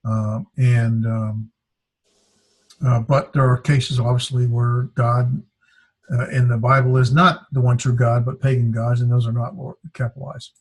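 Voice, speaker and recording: Man, teacher, husky voice, halting classroom lesson, sounds out syllables. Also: mid-range voice, flat delivery. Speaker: Greek teacher.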